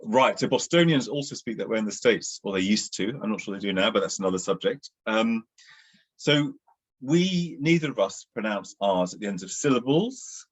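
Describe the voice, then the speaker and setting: Husky-voiced Southern English man. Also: fairly low pitch, animated, normal speed. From England. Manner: discursive, hesitant with fillers. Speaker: podcast co-host. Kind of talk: casual conversation.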